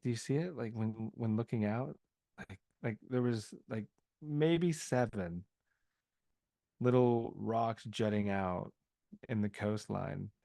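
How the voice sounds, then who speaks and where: A man's voice: lowish voice, a little mellow, dry recording. A man from the American South, a podcast guest telling a story in a loose, rambling way full of filler words. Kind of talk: casual podcast conversation.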